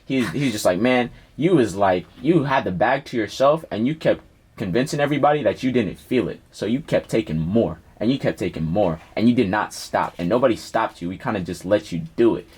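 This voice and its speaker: A young man with a husky, somewhat low voice recounts a personal story in a relaxed interview. He talks in loose slang, swears freely and tells it with animated energy. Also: a little fast. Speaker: rapper guest.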